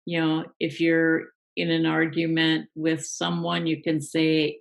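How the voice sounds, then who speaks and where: A woman with a lowish, gravelly voice talks through ideas as a guest in a live online interview. She explains in a relaxed, unhurried way, leaning on fillers as she goes. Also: highs cut off. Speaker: guest coach.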